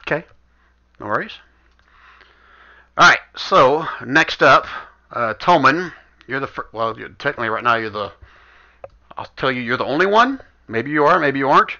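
A casual game master who thinks aloud as he narrates and moves pieces on the map. His voice is sharply bright. It comes through a muffled, lo-fi voice chat. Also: medium pitch, animated, normal speed, gravelly, long pauses. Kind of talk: running a tabletop game over voice chat. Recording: dull lo-fi voice chat audio.

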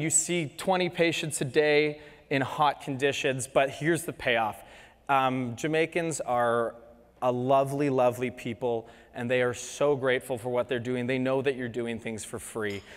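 A man with a Canadian accent, a dentist giving a chatty, joking lecture to dental students. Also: medium pitch. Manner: chatty and joking, animated asides. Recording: long hall reverb.

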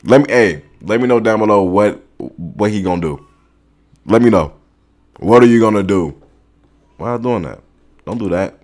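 A young man with a low voice, reacting to a music video in loose, slangy chatter. He gets worked up quickly and talks straight at his audience and at the screen. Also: animated, darkish tone. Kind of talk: casual reaction commentary.

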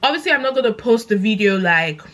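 A young woman with a London accent, chatting excitedly to camera in a casual vlog, gushing and animated. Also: fairly high pitch, fast. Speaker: content creator.

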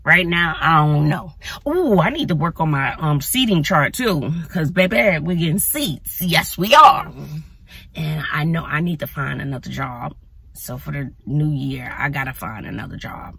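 Lady vlogging from her car on her phone, chatty, kinda husky voice. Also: sits low, normal speed. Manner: chatty, animated, addresses viewers as y'all. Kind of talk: casual vlog talk to camera. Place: in or near her car outdoors in sun.

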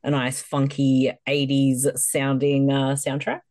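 A woman's voice: very deep voice, completely flat delivery, slow, warm tone, dry recording. A woman co-hosting a podcast over a video call, laid back and making dry remarks. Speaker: podcast co-host. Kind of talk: casual chat.

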